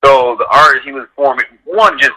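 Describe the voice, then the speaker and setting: Male radio guest, dog trainer; bright, cutting tone; casual, rambling, animated storyteller. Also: brisk, slightly rough, low-quality recording. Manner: animated storyteller, heavy use of "like", acts out quotes in a higher voice.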